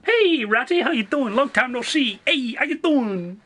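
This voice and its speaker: A man putting on a loud Italian host. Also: very high-pitched, lively intonation, moderate pace, voice pushed up, full character voice. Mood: boisterous welcome. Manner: loud, exaggerated welcoming. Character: boisterous Italian host greeting guests.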